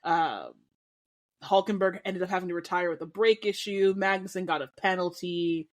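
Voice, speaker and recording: A woman's voice: lowish voice, moderate pace. A woman co-hosting a podcast in casual chat, chatty and joking, speeding up as she explains. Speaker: podcast co-host.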